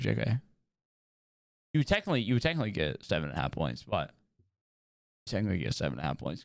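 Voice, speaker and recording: A young male streamer rambles through casual chat with his viewers, his voice bouncing up and down in pitch. The sound is smooth and dry, with a fairly high voice. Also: a bit bright, dry recording. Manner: rambling, chatty, greets and answers viewers. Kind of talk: casual livestream chat while gaming.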